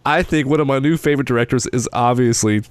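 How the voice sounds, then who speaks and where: A man's voice: medium pitch, fast, clean tone, dry recording. A man co-hosting a podcast, chatting casually and playfully about a film. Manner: playful, jokey. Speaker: podcast co-host. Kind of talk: casual film review chat.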